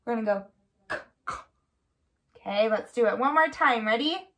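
Woman doing a speech therapy demo, bit higher voice, slow clear prompts, lots of "good job". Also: animated, a bit bright. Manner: patient, clear step-by-step prompting; encouraging with frequent praise. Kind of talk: instructional demonstration.

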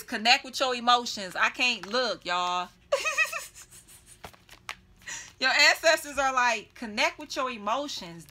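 A young woman talks through a tarot reading in a loose, chatty way, laughing often and cursing without a second thought. Her voice is bright and forceful and sits a little high, with a faint hiss of noise underneath. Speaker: tarot reader.

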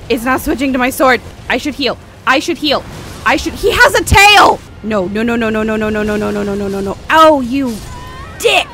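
Excitable young woman gamer. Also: fairly high pitch, moderate pace, soft background music. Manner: excitable, shrieks and panics during fights. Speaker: gaming streamer. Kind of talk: let's play commentary.

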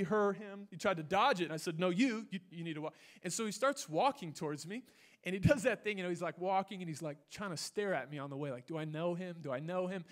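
A young man preaches from a church stage with a bright, high-set voice. He tells his story in big swings, shouting one moment and dropping low and quiet the next. The sound comes through a stage microphone. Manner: animated storytelling, swinging from loud to hushed. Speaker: pastor. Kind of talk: sermon with personal story.

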